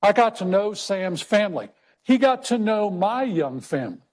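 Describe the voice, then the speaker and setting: A middle-aged man from Texas tells a personal story to an audience in a conversational way. His voice sits fairly high, and he slows right down to stress key words. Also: very animated, darkish tone. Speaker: speaker. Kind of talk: storytelling talk.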